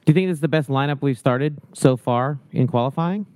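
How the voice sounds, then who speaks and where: A man co-hosting a podcast who asks short, brisk questions in casual chat. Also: medium pitch, a little mellow, no echo.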